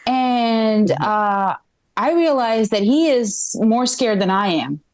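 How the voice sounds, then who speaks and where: A woman's voice: on the high side, animated, slow pace. A middle-aged woman from Ukraine, a stand-up comedian telling a rambling live story on a small club stage and checking in with the crowd.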